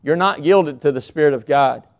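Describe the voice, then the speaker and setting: A man's voice: a little high, normal speed. Emphatic preaching man, lo-fi recording. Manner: emphatic preaching, repeats key words, swings between loud and hushed. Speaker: pastor. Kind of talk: sermon.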